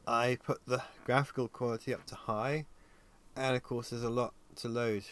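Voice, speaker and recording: A man's voice: medium pitch, little pitch movement, fairly bright tone. Tired man rambling through a livestream. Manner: thinks aloud, halting with ums while working. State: tired and yawning. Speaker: 3D animator livestreaming his work. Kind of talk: casual livestream commentary.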